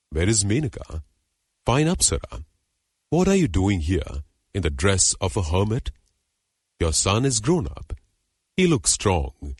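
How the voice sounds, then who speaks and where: A man's voice: low voice, slightly rough, dry recording, studio quality, heavily acted. A man reading the part of a haughty king who scornfully rejects a woman, in an audiobook legend, with dismissive, formal delivery.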